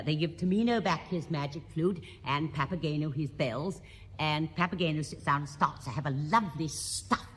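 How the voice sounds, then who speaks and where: A woman's voice: sits low, fairly bright tone. A woman in her sixties, a musical comedienne, doing a chatty comic monologue with wry asides on stage. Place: large concert hall. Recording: live recording in a large reverberant hall. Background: audience laughter.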